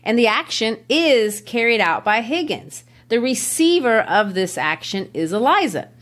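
Lively-voiced woman explaining literature. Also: a little high, unhurried. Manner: explanatory, laughs easily. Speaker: podcast host, literature teacher. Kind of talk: educational literature discussion.

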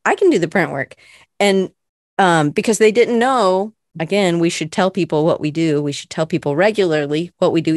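Brief: middle-aged woman podcast host, lowish voice, casual rambling self-reflection. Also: dry recording, clean studio sound.

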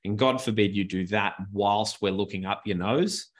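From his home office, a man with a fairly low voice teaches presentation skills in a webinar, speaking into a good desk microphone. He's animated, deliberately shifting his pace and tone.

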